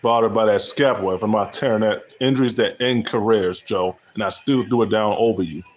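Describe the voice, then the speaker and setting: A man's voice: lowish voice, fairly quick. A man giving hyped, trash-talking play-by-play of his own basketball video game. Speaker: gamer streamer.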